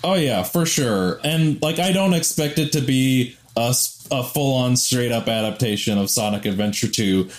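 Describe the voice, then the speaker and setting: A young man co-hosting a casual podcast, talking excitedly and with swearing about a film. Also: mid-range voice, moderate pace, hardly any pauses. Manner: excited, profane, self-deprecating. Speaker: podcast co-host.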